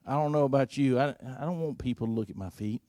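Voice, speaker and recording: A man preaching a storytelling sermon, earnest, moving between loud emphasis and hushed, intimate passages. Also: medium pitch, fast talker, no echo, clean studio sound.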